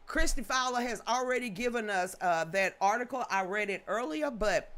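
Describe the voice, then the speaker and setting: Animated woman livestream host in her fifties. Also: fairly high pitch, moderate pace. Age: 50s. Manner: animated, folksy, swears freely, laughs often. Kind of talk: casual livestream commentary.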